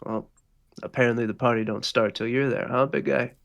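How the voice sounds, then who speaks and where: A man voicing a bored, sarcastic young busboy on a smoke break, talking in a flat, sneering drawl. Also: medium pitch, brisk, vocal fry.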